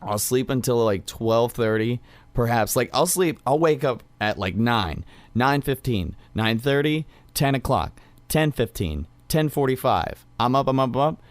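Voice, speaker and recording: A man's voice: mid-range voice, animated, measured pace, no room sound. A young man telling a rambling story in casual chat, full of fillers.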